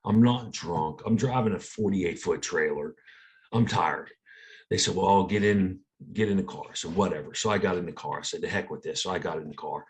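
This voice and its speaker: Low-voiced laid-back American man. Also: brisk. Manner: laid-back, shrugging storyteller. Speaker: guest, Air Force veteran. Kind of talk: casual storytelling.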